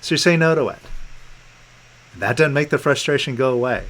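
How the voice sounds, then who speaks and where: A man guiding a client through letting go of feelings in a calm, coaxing way, repeating gentle prompts over a video call. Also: mid-range voice, fairly quick, poor audio. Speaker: meditation coach. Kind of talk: guided release coaching session.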